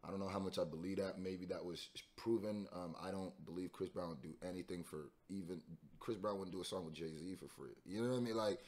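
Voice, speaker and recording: A man hosting a reaction video, commenting casually and jumping into loud, laughing bursts. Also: low voice, fairly quick. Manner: animated, jumps to loud bursts, laughs and mimics.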